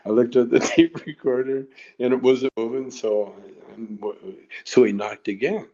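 A man's voice: mid-range voice, fairly even intonation, normal speed, dark tone. A man telling stories as a podcast guest at home, laughing often as he talks. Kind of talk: casual storytelling. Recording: slightly dull lo-fi recording.

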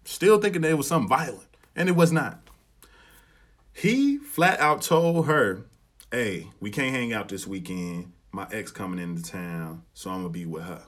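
A man hosts a casual solo podcast of commentary, speaking AAVE in an animated way at a moderate pace. His storytelling is lively: he acts out quotes with a rising pitch and swears freely.

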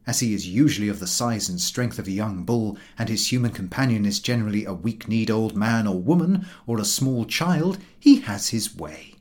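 A male reader narrates a humorous book with dry irony. His pitch moves a great deal, rising and falling across each sentence. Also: darkish tone. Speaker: audiobook reader.

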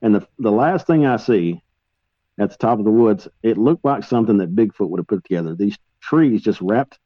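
A man with a lowish voice rambles through travel stories, full of fillers and asides. His voice has a dull, lo-fi sound and is recorded dry and close. He talks like a casual guest on a podcast about the paranormal. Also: brisk, dry recording. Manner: rambling, animated storyteller with many fillers. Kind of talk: casual storytelling in a podcast interview.

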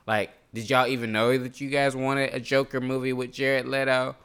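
A lively man trading jokes as a podcast co-host, quick to laugh and curse. His voice is smooth and resonant at a middling pitch. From North Carolina. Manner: animated, joking, swears freely, laughs often. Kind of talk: casual chat.

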